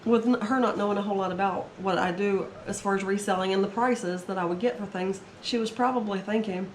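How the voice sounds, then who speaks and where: A woman's voice: medium pitch, fairly even intonation, brisk, hardly any pauses, slight background noise. A woman casually talking through her resale haul, chatty and rambling, her voice a little strained from being sick. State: recovering from illness, voice strained. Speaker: reseller vlogger. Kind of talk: casual haul video talk. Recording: echoey room, faint ambience.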